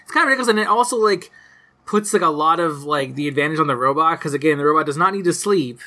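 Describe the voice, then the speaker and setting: Recapping a cartoon episode in loose chat, this podcast co-host rambles with lots of fillers and casual cursing. His voice sits on the high side, bright and forceful, and he talks fast and expressively.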